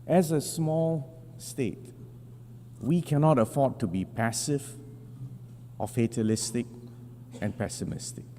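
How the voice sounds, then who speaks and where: A man giving a formal prepared speech to a large assembly, in measured, deliberate phrasing with emphatic stresses, at a podium microphone. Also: medium pitch, animated, warm tone. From Singapore. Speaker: national representative addressing the General Assembly. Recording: long hall reverb with faint hum.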